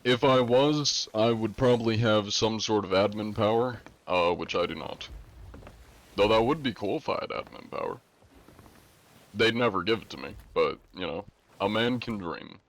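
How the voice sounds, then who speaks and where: A man's voice: on the low side, normal speed. A man streaming a game live from a room at home, chatting playfully and jokingly greeting his viewers by name. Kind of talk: casual live-stream chat.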